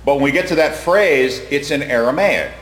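A man's voice: fairly high pitch, expressive, moderate pace, a bit bright. Man, Bible teacher, conversational lecture, asks the class questions, roomy reverb. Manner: conversational, quizzes the class, repeats words. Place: room with a class present. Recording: echoey hall reverb.

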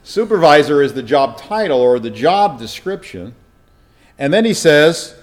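A man's voice: mid-range voice, big pitch swings, a little slow. A man as a pastor giving a conversational verse-by-verse Bible teaching, often asking his listeners rhetorical questions.

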